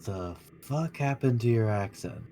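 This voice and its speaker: A man's voice: medium pitch, expressive, a little slow, mellow, a little hiss or hum. A man playing a tabletop game, chatting bluntly and incredulously. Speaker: player. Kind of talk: casual game-table chat.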